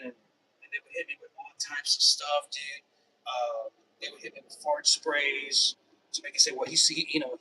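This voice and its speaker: A man's voice: a little high, pushed and bright. A man telling a personal story in a rambling, repetitive way, often restarting his sentences. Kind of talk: casual personal monologue. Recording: distant mic with faint background noise.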